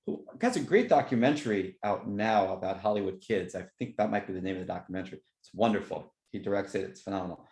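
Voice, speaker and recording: A man hosting a podcast, telling movie stories in a rambling, excitable way. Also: fast, hardly any pauses, roomy sound. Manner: rambling, excitable storytelling with lively jumps in pitch. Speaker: podcast host. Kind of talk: casual chat.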